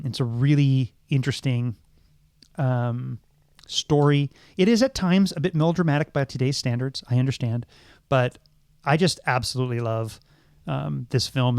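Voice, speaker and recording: A man's voice: mid-range voice, gravelly, darkish tone, no echo. A middle-aged man and podcast co-host, talking through films thoughtfully, with many ums and restarts. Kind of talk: casual film discussion.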